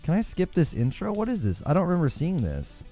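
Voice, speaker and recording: Animated male streamer, lively pitch. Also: brisk, soft background music. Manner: animated, rambling with repeated fillers. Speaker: streamer hosting a members' stream. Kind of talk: casual live-stream chat while gaming.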